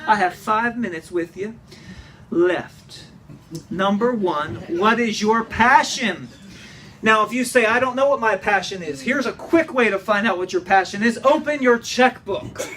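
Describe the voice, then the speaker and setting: A man's voice: high voice, a little slow, a bit bright. A man preaching a sermon to a congregation, emphatic and repeating phrases for effect. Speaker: pastor. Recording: distant mic with faint room noise.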